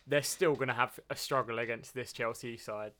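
Brief: easygoing young co-host, measured, a few hesitant restarts, mid-range voice. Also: male voice, medium pitch, fairly even intonation, sharp tone. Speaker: podcast co-host. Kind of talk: casual football podcast chat.

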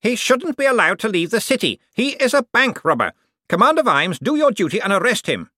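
A pompous, indignant aristocrat demands an arrest in an audiobook reading, voiced by a man. His voice climbs high and shrill, heard close in a dry booth. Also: very animated, fairly quick, bright, forceful tone, no echo, heavily acted.

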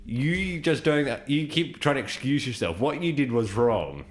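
A man's voice: medium pitch, animated, moderate pace. A young man co-hosting a podcast, teasing and arguing with his friends in casual banter. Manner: teasing, argumentative. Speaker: podcast co-host.

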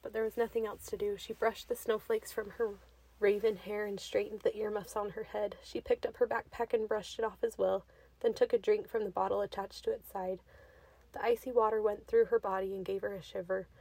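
A woman's voice: mid-range voice, level tone, normal speed, darkish tone, no room sound. Woman reading a story aloud.

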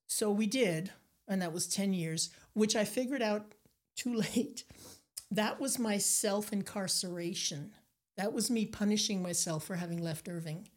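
An older woman from Nova Scotia, a guest telling animated stories in an interview, acting out the people she quotes. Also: medium pitch, moderate pace. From Nova Scotia, Canada. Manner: animated anecdotes, acts out quoted voices. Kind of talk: storytelling interview.

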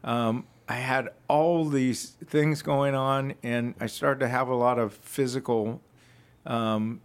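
A man's voice: medium pitch, fairly even intonation, takes it slowly, smooth. Earnest man telling his story. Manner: earnest, reflective storytelling with frequent restarts. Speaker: ministry founder, podcast guest. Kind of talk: personal testimony in casual conversation.

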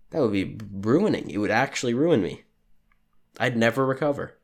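A man's voice: mid-range voice, animated, moderate pace. A young man from Canada ranting crudely and sardonically as a solo podcast host, sleep deprived. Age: young adult. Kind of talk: profane solo rant.

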